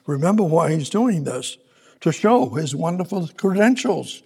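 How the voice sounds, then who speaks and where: A man's voice: fairly high pitch, sing-song, a little slow, a little mellow, husky. A man preaching a sermon in a casual, conversational way, reading scripture aloud and often restarting his sentences.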